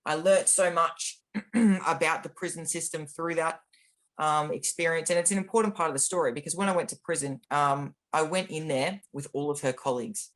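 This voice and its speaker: A man's voice: fairly high pitch, moderate pace, fairly bright tone. A man, a guest in an interview recounting his own experiences in a candid, matter-of-fact way with frequent ums and restarts. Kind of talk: personal storytelling in an interview.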